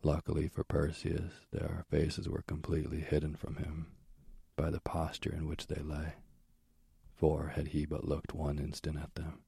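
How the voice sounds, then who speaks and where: A man reads a myth as an audiobook in a measured, steady way. His voice is extremely deep and husky. It stays dry and close. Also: no room sound. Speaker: narrator.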